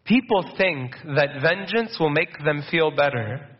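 Man preaching, slightly high, muffled sound. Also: expressive. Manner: conversational preaching, slows for quotes, mixes in Arabic words. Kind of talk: sermon.

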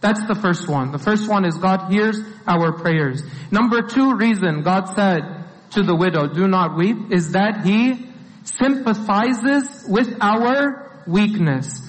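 A man's voice: high voice, slow. A man preaching a sermon in a conversational way, often filling with "like". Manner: conversational, with many "like" fillers. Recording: long hall reverb.

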